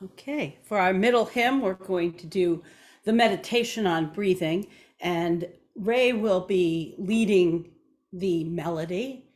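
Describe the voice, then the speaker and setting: Soft-spoken woman music leader, very slow. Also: fairly low pitch. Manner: soft, unhurried, sings lightly. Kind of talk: introducing and singing a hymn.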